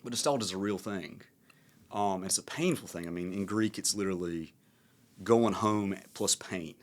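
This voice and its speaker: Podcast host, Southern man in his thirties, low voice, reflective and rambling. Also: moderate pace. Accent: Southern American. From American South. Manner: reflective, rambling, many fillers. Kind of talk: casual conversation.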